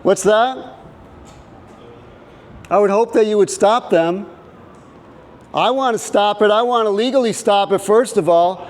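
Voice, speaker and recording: A man preaching in the open air to passers-by in a loud, insistent, declaiming way. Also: high voice, a little slow, long pauses, poor audio. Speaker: street activist. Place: outdoors by a government building.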